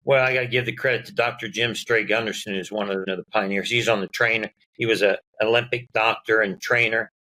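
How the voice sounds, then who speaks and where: A man, a doctor guest on a podcast, talking casually and telling animated stories that act out the dialogue. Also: on the low side, fairly quick, few pauses, rough recording. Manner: animated storyteller acting out dialogue.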